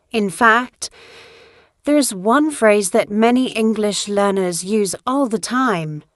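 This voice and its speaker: Woman, English lesson, very slow pace, clear deliberate delivery, dry close recording. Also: medium pitch, dry recording. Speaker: English teacher. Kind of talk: slow scripted language lesson.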